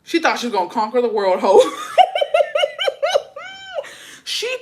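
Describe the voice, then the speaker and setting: A woman vlogger telling a story in casual chat, profane, gossipy and animated. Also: a little high, a little slow, very noisy.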